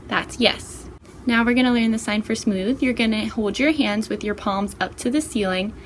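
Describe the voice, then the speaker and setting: A woman with a slightly high voice walks young listeners through each hand sign. She is patient and clear, repeating every step. There is a faint hiss behind her. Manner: patient, clear, repetitive directions. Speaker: children's librarian. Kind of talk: step-by-step baby sign instruction.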